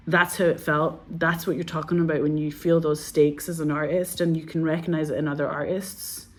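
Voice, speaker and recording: In a candid interview, a woman in her forties with a low-pitched voice speaks as a film director. She tells her stories with energy, swears casually, and slips into other people's voices to act out quotes.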